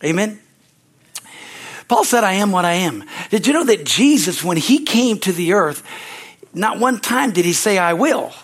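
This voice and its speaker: Male pastor, high voice, fiery sermon, repeats lines, calls for amens. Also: unhurried, long pauses. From United States. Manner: excitable preaching, rising to loud exclamations.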